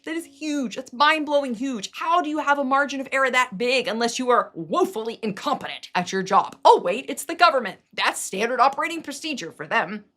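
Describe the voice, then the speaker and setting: A woman's voice: a little high, a bit bright. A middle-aged woman giving casual opinion commentary, emphatic and sarcastic, with mocking asides as she rants. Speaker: political commentary vlogger.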